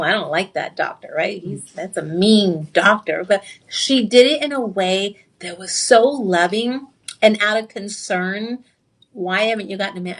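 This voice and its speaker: A medium-pitched woman presents jewelry on a live TV shopping broadcast from the studio. She's chatty and excitable, confiding personal anecdotes and throwing cheeky asides at the audience.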